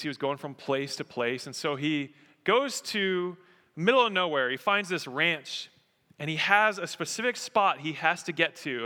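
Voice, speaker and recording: Bright-voiced pastor preaching in a reverberant hall. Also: male voice, fairly high pitch. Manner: animated storyteller, emphatic. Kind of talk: sermon with storytelling.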